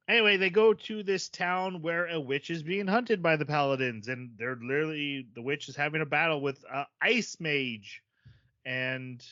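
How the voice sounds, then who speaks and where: A man's voice: on the high side, pushed and bright, no echo, dull audio. A man co-hosting a podcast, casually recapping a story at length with frequent "um"s and "uh"s. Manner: summarizes plot at length with many fillers. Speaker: podcast co-host. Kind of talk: casual chat recapping an episode.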